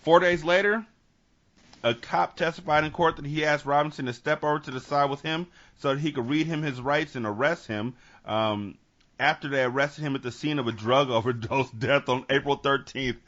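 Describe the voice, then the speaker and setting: A man's voice: medium pitch, fairly even intonation, moderate pace, a bit bright, lo-fi sound. A man hosting a podcast, reading out a news story in casual chat and breaking in with jokey asides. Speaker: podcast host.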